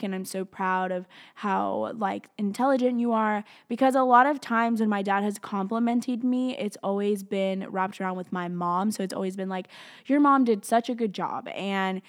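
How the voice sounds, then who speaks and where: Young woman, vlogger; open, emotional storytelling with many fillers. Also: mid-range voice. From outside the US. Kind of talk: personal storytelling to camera.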